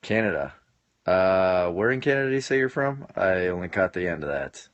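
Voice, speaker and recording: A man's voice: sits low, animated, brisk, no echo, highs cut off. A man in his late twenties hosting a casual live stream from his home basement, reading and answering viewer comments in a joking way and laughing often. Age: late 20s.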